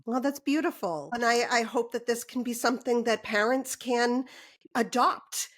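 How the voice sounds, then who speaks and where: A woman's voice: a little high, moderate pace. A woman hosting an interview, sharing personal experiences in a heartfelt, reflective way. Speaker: podcast host.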